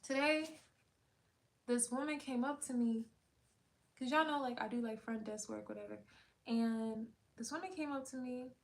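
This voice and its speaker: A woman's voice: fairly high pitch, normal speed, long pauses. A woman livestream host in casual faith chat, talking loosely and candidly, full of "like" and the odd swear word. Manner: laughs often between thoughts.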